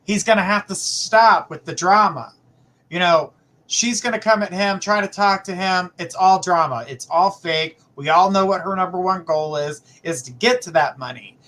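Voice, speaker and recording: A man's voice: high voice, moderate pace, a bit bright. A man hosting a live psychic reading, giving blunt, emphatic advice with repeated phrases. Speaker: psychic reader, show host.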